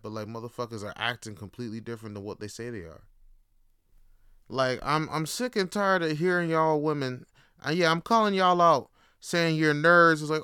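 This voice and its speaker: A man's voice: fairly high pitch, expressive, normal speed, sharp tone, smooth, dry recording, studio quality. A man hosting a podcast, talking in a casual, rambling, profane monologue. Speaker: podcast host.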